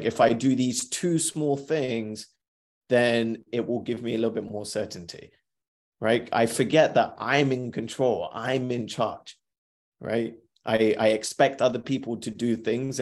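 An upbeat man with a mid-range, darkish voice hosts a live motivational podcast. He's chatty, says welcome a lot and repeats his greetings, slipping in asides to himself.

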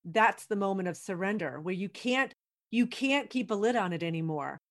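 A woman hosting a conversation, reflecting back on what her guest has said in a calm, measured way. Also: medium pitch. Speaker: host. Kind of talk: reflective interview commentary.

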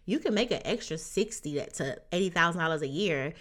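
A young adult woman speaks straight to her listeners in a motivational podcast monologue. Her voice is bright and forceful, sits a little low, and she talks with earnest encouragement, often tagging her points with "right?". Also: expressive, a little fast. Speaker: podcast host.

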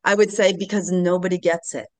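Woman in her late fifties, lowish earnest voice. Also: fairly quick. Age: late 50s. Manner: earnest, animated storytelling with frequent laughs. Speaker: podcast guest. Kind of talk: casual interview storytelling.

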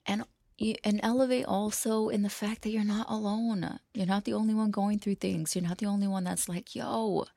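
A woman hosting a podcast, talking in a loose, freestyle monologue that rambles, breaks into laughter often and sometimes drops to a hushed whisper. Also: medium pitch, steady tone, fairly quick, vocal fry, no echo, clean studio sound. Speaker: podcast host.

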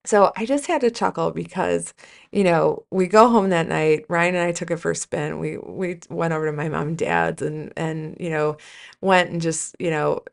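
A woman with a lowish, gravelly voice talks through a personal story as a coach and podcast host. She rambles casually, circling back with fillers and self-corrections. When she turns to her listeners, her tone becomes earnest and encouraging. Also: moderate pace. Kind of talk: casual reflective storytelling monologue.

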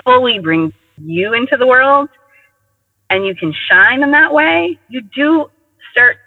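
A man telling personal stories in casual conversation, animated and acting out quoted dialogue. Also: extremely high pitch, unhurried. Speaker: guest sharing personal stories. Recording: tinny phone line with long reverb.

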